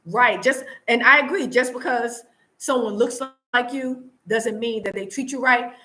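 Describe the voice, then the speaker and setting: A woman's voice: a little high, measured pace, bright, forceful tone, a little hiss or hum, poor audio. A woman from the United States, chatting earnestly on a live stream from her home and answering viewers, with many restarts and repeats. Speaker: vlogger answering live chat. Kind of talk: casual live-stream chat. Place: home in Tanzania.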